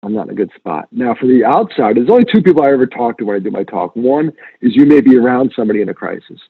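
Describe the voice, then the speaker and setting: A man speaking as a guest in an interview, earnest and emphatic, telling stories with lively repetition. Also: mid-range voice, fast talker, breathy edge, dry recording. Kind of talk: conversational interview. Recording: tinny phone-line sound.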